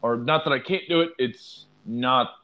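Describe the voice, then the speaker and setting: A man co-hosting a comedic podcast, chiming in with quick jokes and sound effects in casual banter. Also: medium pitch, pushed and bright, rough recording. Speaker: podcast co-host.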